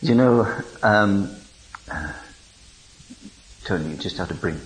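A man preaching an informal sermon, reading scripture aloud in an animated, digressive way and chuckling between lines. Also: fairly low pitch, slow, rough recording.

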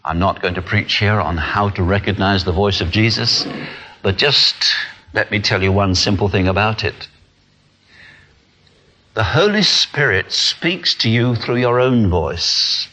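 A man's voice: on the low side, unhurried. A man preaching a sermon in an earnest way, acting out the small voices people hear in their heads. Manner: earnest, animated, acts out inner voices. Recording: dull lo-fi sound.

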